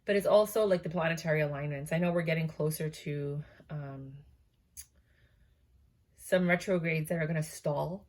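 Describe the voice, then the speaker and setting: A woman's voice: low-pitched, normal speed, darkish tone. A woman giving a casual, chatty tarot reading to her viewers, tired and yawning, with many fillers and asides. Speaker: tarot reader.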